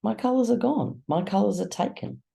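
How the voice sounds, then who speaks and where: A reader voicing a strange grey girl who speaks in blunt, broken, childlike phrases, pitched above the reader's own voice. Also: big pitch swings, measured pace, creaky, mellow. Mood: stilted.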